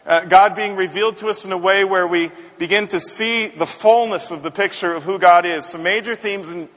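A man's voice: high voice, fairly bright tone, long reverb tail. A man, a senior pastor, preaching a conversational sermon and often repeating words as he builds a point.

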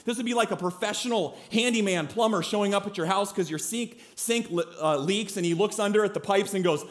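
High-voiced man preaching a sermon. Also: lively intonation, normal speed. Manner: emphatic, calls on the congregation to respond; conversational, with frequent "right?" and "okay?" check-ins. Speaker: pastor.

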